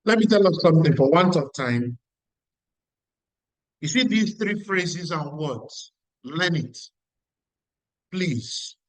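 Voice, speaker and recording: A middle-aged Nigerian-accented man, a business mentor, delivers an emphatic motivational talk at a weekly meeting, repeating lines and questioning the audience. His voice sits on the high side, expressive and slow with frequent pauses. The recording is low quality but has no echo.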